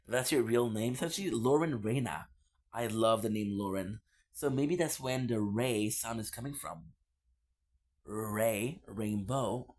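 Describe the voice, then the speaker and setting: A man's voice: medium pitch, moderate pace, darkish tone. Streamer, male, playful and teasing in casual chat, repeats lines for laughs. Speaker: live streamer reading chat.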